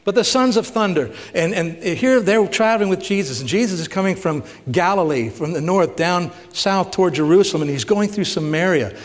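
A man's voice: high voice, lively intonation, a little fast, few pauses. A male pastor giving a conversational sermon, asking the congregation rhetorical questions and retelling stories with emphasis. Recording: long hall reverb.

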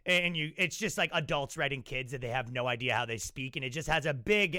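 Bright, dry-voiced man riffing casually. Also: a little high, a little fast, hardly any pauses, no room sound. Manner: rambling, animated storytelling with mocking impressions. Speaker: podcast host. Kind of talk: casual comedic monologue. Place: New York.

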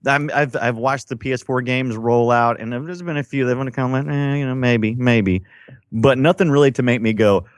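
A man co-hosting a casual gaming podcast, rambling and animated, acting out quotes as he tells stories. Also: medium pitch, a little fast, few pauses, dry recording, studio quality. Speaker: podcast co-host.

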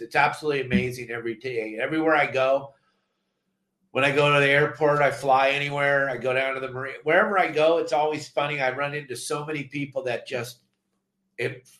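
A man's voice: mid-range voice, a little fast, fairly bright tone, roomy sound. Earnest older man hosting a fishing show. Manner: earnest, heartfelt. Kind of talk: casual chat.

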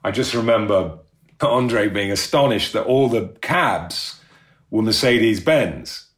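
A man's voice: on the low side, lively intonation, takes it slowly. A middle-aged man telling rambling, self-deprecating stories in a casual interview, laughing often. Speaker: actor recalling a show.

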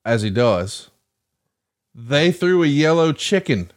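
A man's voice: a little high, big pitch swings, slow pace. Man spinning long wry stories. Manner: long wry storytelling asides. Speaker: podcast co-host. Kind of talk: casual chat.

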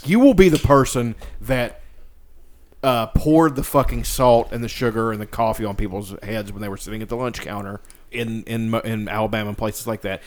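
A man's voice: on the low side, moderate pace. A man co-hosting a podcast, ranting casually and swearing a lot. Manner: profane, animated and ranting. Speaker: podcast co-host. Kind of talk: casual chat.

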